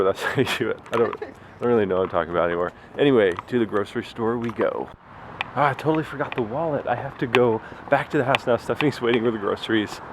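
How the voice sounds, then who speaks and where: Chatty young man vlogging, slightly low voice. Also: slight background noise. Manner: chatty and rambling, laughs easily. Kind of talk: casual daily vlog.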